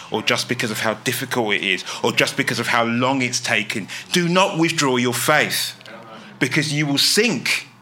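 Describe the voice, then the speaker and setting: A man preaching with a very bright, tense edge to his voice. His pitch leaps up and down as he drives his points home, pressing his listeners with rhetorical questions. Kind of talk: sermon.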